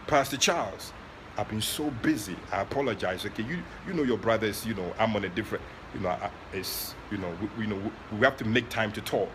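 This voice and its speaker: A man with a Ghanaian accent preaching during an online prayer session, moving between soft asides and loud, passionate exclamations. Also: lowish voice, brisk, background noise. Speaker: prophet leading online prayer. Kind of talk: sermon.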